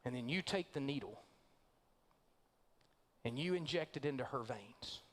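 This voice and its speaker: A man's voice: medium pitch, expressive, unhurried. A man, a pastor, preaching a sermon and telling a story with acted-out voices. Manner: storytelling, acting out quoted voices. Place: church sanctuary.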